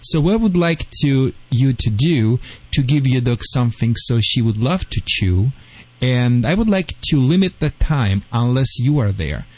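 A man with a Russian accent, a dog trainer on a call-in radio show, giving lively advice in slightly broken English. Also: mid-range voice, normal speed, dry recording, rough recording. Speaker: dog trainer answering callers.

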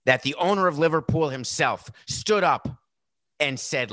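A man hosts a sports show and delivers a mocking, sarcastic monologue. His pitch swoops up and down with lots of life. The recording is dry and close. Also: lively intonation, measured pace, fairly bright tone, dry recording. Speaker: sports talk show host. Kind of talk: satirical sports commentary monologue.

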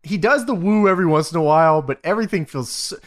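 A man with a fairly high, very lively voice chats casually on a podcast. He is loose and profane and laughs often as he recaps a show. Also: fast talker. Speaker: podcast co-host. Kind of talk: casual chat recapping wrestling episodes.

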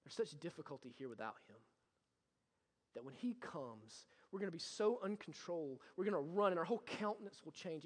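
A young man preaching a sermon as pastor, moving between quiet, personal storytelling and loud, impassioned exhortation. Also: on the high side, animated, fairly quick, in a large hall. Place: church sanctuary.

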